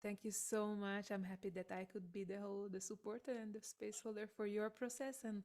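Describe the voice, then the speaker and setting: A woman's voice: mid-range voice, level tone, brisk, few pauses, darkish tone. A woman voice teacher hosting an interview, effusive and tearful, laughing through her words. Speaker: voice teacher and host. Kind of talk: emotional casual interview chat.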